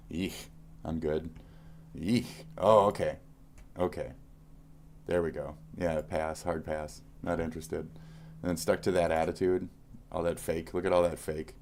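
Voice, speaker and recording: Man, live streamer, very low voice, crude mocking rant. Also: a little mellow, slight background noise. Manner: profane, mocking ranting. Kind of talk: live-stream reaction commentary.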